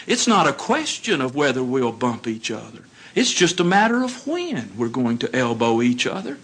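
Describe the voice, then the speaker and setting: A man giving a sermon, telling stories in an animated way and putting questions to his listeners. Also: mid-range voice, moderate pace, husky. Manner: animated storytelling, acts out dialogue, asks the audience questions. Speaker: congregation speaker.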